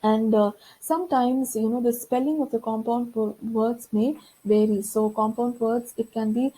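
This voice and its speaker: A woman's voice: on the high side, fairly even intonation, moderate pace, dark tone, husky, low-quality recording. A woman lecturer explaining course material in a recorded lesson, talking it through with frequent fillers and restarts.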